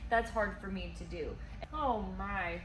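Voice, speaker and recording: A woman's voice: mid-range voice, measured pace. A woman tasting whiskey and chatting in a bubbly way, laughing often. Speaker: whiskey taster. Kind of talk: casual tasting chat. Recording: echoey room with noise.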